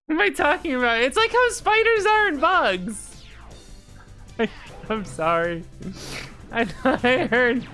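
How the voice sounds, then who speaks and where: A woman streamer chatting casually over her gameplay, giggly and flustered, with a bit of cursing thrown in. Her voice sits a little high and sounds bright and sharp. She takes her time with her words, and faint game music plays behind her. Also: expressive, slow pace, long pauses. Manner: giggly, flustered, swears freely.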